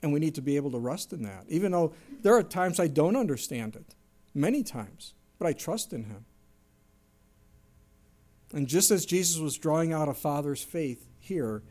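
Animated, lively middle-aged male pastor. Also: moderate pace. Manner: animated, acts out quotes with sudden pitch and volume swings. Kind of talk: sermon.

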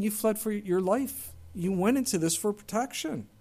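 A man preaching a sermon in an emphatic way, firing rhetorical questions and moving between loud outbursts and hushed asides. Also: high-pitched, expressive, normal speed. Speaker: pastor.

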